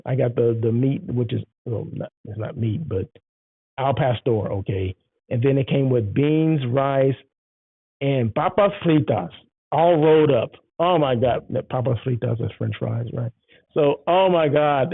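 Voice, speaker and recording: Male solo host, rambling and upbeat, gravelly edge, thin phone-like sound. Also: medium pitch, no room sound. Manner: enthusiastic, rambling, repeats himself. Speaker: show host. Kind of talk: casual solo show chat.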